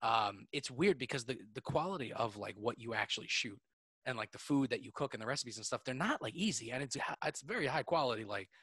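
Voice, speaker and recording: A man's voice: mid-range voice, animated, quick pace, a bit bright, breathy edge, dry recording. A young man hosting a podcast, chatting casually and jokingly with lots of fillers. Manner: rambling, joking, many fillers. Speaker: podcast host. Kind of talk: casual chat.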